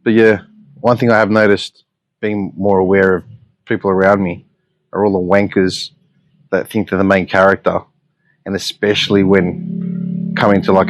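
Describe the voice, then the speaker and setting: Ranting Australian man with a low voice. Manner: blunt, profane, exasperated storytelling. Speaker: podcast host. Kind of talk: solo podcast rant.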